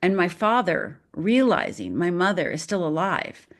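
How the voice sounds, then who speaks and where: A woman's voice: lowish voice, lively intonation, measured pace. A middle-aged woman from Upper Michigan, a podcast guest telling a personal story dramatically and acting out the voices in it.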